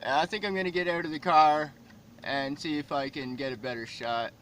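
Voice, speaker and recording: A man's voice: on the high side, fairly even intonation, fairly quick, fairly bright tone, poor audio. A man vlogging outdoors in winter. He thinks aloud while hiking and shivers from the cold. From Canada. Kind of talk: casual narration while filming. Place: outdoors by frozen waterfalls in winter wind. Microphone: handheld camera mic. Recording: windy outdoor camera audio.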